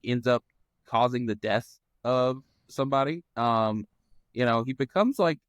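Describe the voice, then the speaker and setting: A man talking as a guest on a casual movie podcast, animated and chatty. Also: medium pitch, unhurried, clear, resonant tone, no echo, dull audio. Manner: animated, acts out quoted voices.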